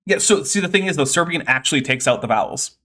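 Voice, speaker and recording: A man's voice: on the high side, lively intonation, fast, sharp tone. A man hosting a livestream, explaining science in a casual, nerdy way with many fillers. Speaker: host.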